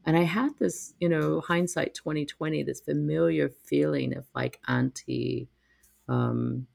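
A man telling a personal story in a reflective, halting way, with many pauses and restarts. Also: a little high, sing-song, vocal fry, darkish tone.

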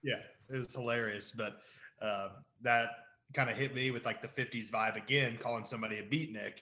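A man's voice: mid-range voice, fairly even intonation, brisk, sharp tone. A man co-hosting a podcast in casual chat, laughing as he quotes lines. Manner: laughs while quoting lines. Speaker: podcast co-host.

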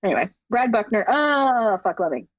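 A woman co-hosting a casual podcast, excitable and profane, laughing often. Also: on the high side, normal speed, no echo, highs cut off. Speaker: podcast co-host.

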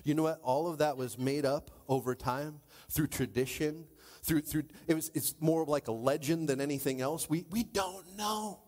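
A man preaching a sermon in church, animated, swinging between loud exclamations and low asides. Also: normal speed. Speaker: pastor.

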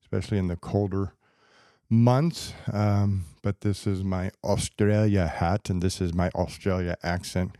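A man hosting a podcast alone as a psychologist, explaining ideas step by step in a steady, lecturing way. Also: sits low, measured pace, no echo, studio quality. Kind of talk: casual solo podcast talk. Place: podcast studio.

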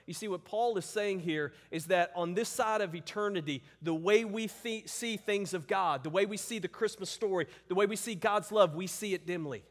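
Guy pastor preaching, pretty high voice, big echoey church hall. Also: moderate pace, few pauses. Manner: earnest, emphatic, repeats words for stress. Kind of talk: sermon.

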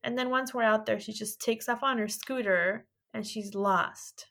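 A woman's voice: steady tone, moderate pace, creaky, fairly bright tone. A woman in her thirties from California, co-hosting a podcast and telling stories in casual chat, acting out quotes. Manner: chatty storyteller, acts out quotes in a higher voice. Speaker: podcast co-host.

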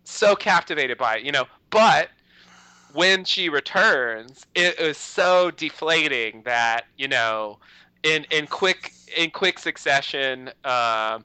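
A man's voice: fairly high pitch, lively intonation, slow, sharp tone, clean tone, no echo, low-quality recording. A man co-hosting a podcast, chatting casually and rambling with lots of "you know" fillers. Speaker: podcast co-host. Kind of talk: casual chat.

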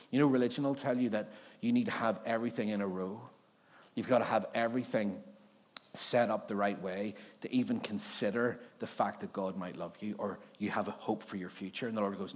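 Animated pastor preaching. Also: male voice, fairly low pitch, brisk. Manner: animated storytelling, acts out voices of God and a king. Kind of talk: sermon. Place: church hall.

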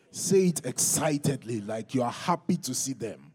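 A man's voice: sing-song, normal speed, husky. A male pastor with a Nigerian accent preaching a sermon and calling on the congregation to respond aloud. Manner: rises higher and louder when teaching.

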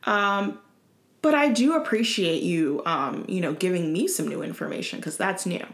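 A woman's voice: on the low side, moderate pace, roomy sound. A woman in casual chat, telling stories animatedly and acting out the people she quotes. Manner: animated storyteller, acts out quotes.

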